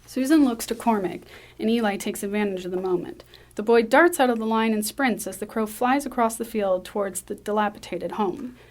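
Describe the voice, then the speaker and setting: A woman reading a screenplay aloud, brisk, with small slips and restarts. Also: mid-range voice. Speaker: script reader.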